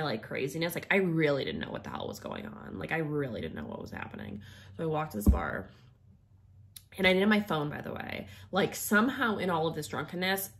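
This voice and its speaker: Speaking in a low register roughened by gravelly vocal fry, a young woman vlogger recounts something from her own life. She wanders loosely through the story, with filler words cropping up constantly.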